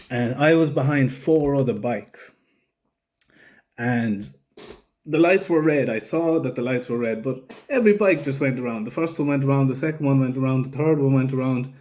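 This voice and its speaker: Lad rambling through a story, swears a lot, does everyone's voices. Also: male voice, medium pitch, moderate pace, darkish tone. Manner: rambling, swears freely, acts out other people's lines. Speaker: vlogger. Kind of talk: casual storytelling.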